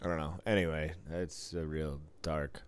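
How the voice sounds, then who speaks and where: A man's voice: extremely low pitch, little pitch movement, moderate pace, clean tone. A middle-aged man, a casino dealer, chatting casually and telling a profane work story, acting out both sides of an argument. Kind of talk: casual podcast chat.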